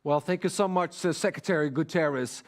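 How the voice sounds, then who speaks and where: A man moderating a high-level panel, polite and courteous, pausing often with fillers.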